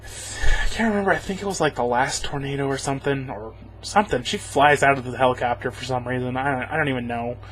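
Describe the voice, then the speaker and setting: A man's voice: medium pitch, fast talker, fairly bright tone, a little hiss or hum. A man giving a rambling, sarcastic spoken movie review, chuckling as he goes. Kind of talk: casual spoken film review.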